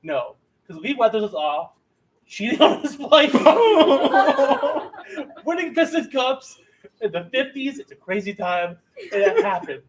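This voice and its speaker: High-voiced man ranting in mock outrage. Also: animated, slight background noise, rough recording. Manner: impassioned, mock outrage, fast bursts. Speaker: debater. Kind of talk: mock-serious debate speech.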